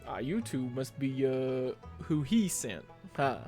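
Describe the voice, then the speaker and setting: A man voicing a big, wealthy, jovial stranger in a tabletop game, loud and drawling. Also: medium pitch, very animated, slow pace, soft background music.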